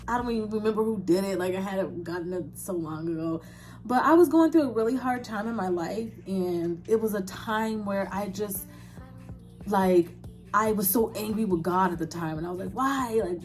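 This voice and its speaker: A young woman vlogger with a medium-pitched, slightly mellow voice answers viewer questions in a candid, casual chat. She laughs often and drops in quick asides.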